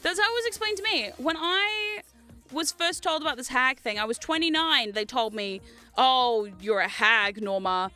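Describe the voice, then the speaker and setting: Giggly high-voiced woman streamer in her thirties. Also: normal speed, bright, forceful tone, soft background music. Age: 30s. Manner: chatty, giggly storytelling, reads chat aloud. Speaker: livestream host. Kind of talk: casual livestream chat.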